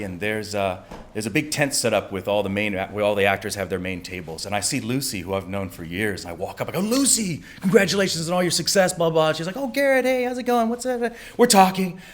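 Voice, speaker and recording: A man from the United States telling a personal story on stage, animated, often laughing, and jumping into high voices for the people he quotes. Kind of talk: live storytelling.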